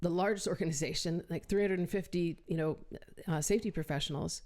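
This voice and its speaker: A woman's voice: on the low side, fast, darkish tone. A woman guest on a podcast, a consultant, speaking earnestly and reflectively in casual conversation. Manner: earnest, reflective, frequent affirming backchannels. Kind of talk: casual interview talk.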